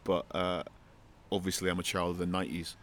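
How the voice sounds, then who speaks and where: Very low voice, man in his 30s, from london, dry humour, faint noise behind. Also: level tone, fairly quick, a bit bright. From London, England. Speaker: podcast guest. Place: stadium press box.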